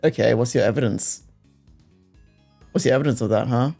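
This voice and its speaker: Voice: medium pitch, vocal fry, mellow. A streamer playing a detective game, reading the text aloud and ranting at the characters with plenty of swearing and laughter. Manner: heated and profane, quick to rant at characters; breaks into laughter between rants. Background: faint background music.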